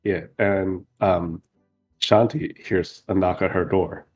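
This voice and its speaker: A man playing a tabletop role-playing game, describing his character's actions with many fillers and pauses. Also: sits low, fairly even intonation, a little mellow, slightly rough, faint music behind. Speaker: player. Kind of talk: tabletop role-play narration.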